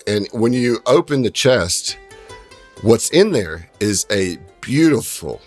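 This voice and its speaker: Low-voiced, easygoing male game master. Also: slow, soft background music. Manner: relaxed storyteller with many fillers. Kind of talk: narrating a tabletop game.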